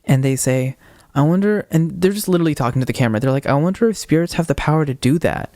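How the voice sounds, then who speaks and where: A young man on a podcast, retelling a ghost-hunting video with animated quoted voices in casual storytelling. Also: a little high, fast talker, no room sound, clean studio sound. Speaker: podcast co-host.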